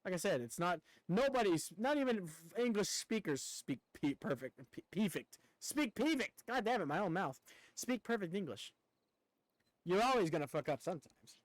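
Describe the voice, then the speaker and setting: A man's voice: high-pitched, sing-song, normal speed, no echo. A man from the United States chatting casually on a live stream, rambling and cursing offhandedly.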